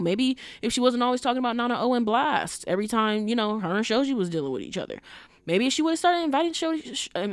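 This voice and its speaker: A woman hosting a podcast speaks at a mid pitch in casual, animated commentary. She punches her points with rhetorical questions and fillers like "like" and "you know." The sound is dry and close to the mic, with no room around it. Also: dry recording. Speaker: podcast host.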